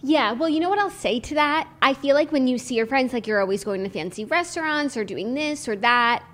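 A woman's voice: high voice, animated, brisk, fairly bright tone. Young woman riffing in a podcast chat. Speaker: podcast co-host. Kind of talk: casual chat.

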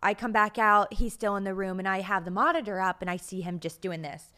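A woman's voice: medium pitch, fairly quick, pushed and bright, clear, resonant tone. A young adult woman co-hosting a podcast in casual chat, telling stories with quoted lines and frequent laughs. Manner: chatty storyteller, laughs often, acts out quotes. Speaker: podcast co-host.

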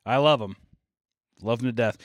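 A young man co-hosting a podcast in casual chat, riffing and joking with lively swings into put-on quoted voices. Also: mid-range voice, no room sound. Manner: animated, swearing, quick jokey riffs with put-on quotes. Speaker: podcast co-host.

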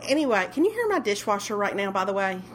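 A woman's voice: medium pitch, very animated, fast talker, a little hiss or hum. Rambling woman podcaster chatting at home. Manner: rambling, self-correcting, many fillers. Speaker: podcast co-host. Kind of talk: casual chat. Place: home, dishwasher running nearby.

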